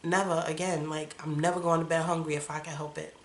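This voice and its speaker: A woman's voice: low voice, flat delivery, fast talker, slight background noise. A woman in her thirties, a vlogger, telling her personal story in a candid, conversational way, full of fillers. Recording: roomy echo.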